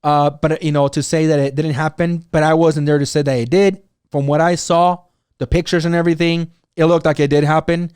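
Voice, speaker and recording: A man's voice: on the high side, level tone, fairly quick, darkish tone, clean tone, no echo, clean studio sound. A man hosting his own podcast, talking through his opinions in casual solo commentary, rambling, with many "you know"s and "right?"s. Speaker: podcast host.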